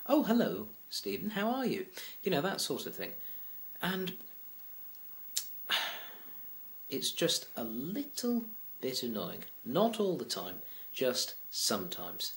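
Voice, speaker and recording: A man rambling through a casual vlog rant, exasperated and self-deprecating. His pitch swings widely as he goes. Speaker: vlogger. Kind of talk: casual venting monologue.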